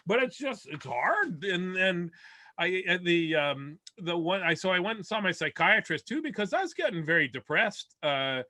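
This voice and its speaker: A man's voice: high voice, sing-song, moderate pace, bright, forceful tone. A male comedian from Winnipeg doing a rambling, self-deprecating stand-up set over a video call, full of restarts. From Winnipeg, Canada.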